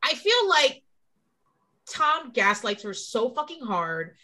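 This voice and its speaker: A woman's voice: a little high, slow pace. A woman co-hosting a casual chat, telling gossip with profanity and acting out quoted lines. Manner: profane, animated storytelling with quoted voices. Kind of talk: casual chat recapping a reality show.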